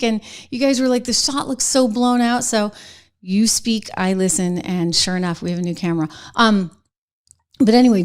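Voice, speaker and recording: A middle-aged woman hosting an online commentary show, talking casually to camera, animated and sarcastic, with frequent laughs. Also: mid-range voice. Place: home studio. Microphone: close mic facing a camera.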